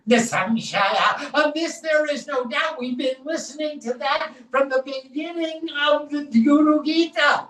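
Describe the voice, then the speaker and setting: A woman's voice: high voice, a little slow, hardly any pauses, fairly bright tone. A woman teaching a scripture class, speaking emphatically and explaining Sanskrit verses phrase by phrase. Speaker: spiritual teacher. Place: temple hall. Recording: echoey room, voice from far off.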